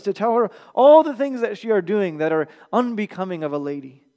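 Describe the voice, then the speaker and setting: A male pastor giving a Sunday sermon in a conversational manner, dropping quiet at the ends of phrases. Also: high voice. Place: church.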